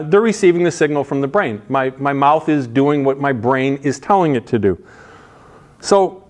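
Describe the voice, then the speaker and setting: Casual, emphatic male preacher. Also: on the high side. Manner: casual and emphatic, with frequent restarts and asides. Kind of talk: conversational sermon.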